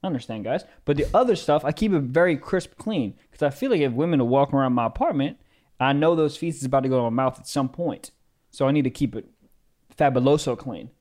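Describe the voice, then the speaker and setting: A young man co-hosting a podcast, goofy and excitable, swearing freely. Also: mid-range voice, quick pace. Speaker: podcast co-host. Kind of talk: casual chat.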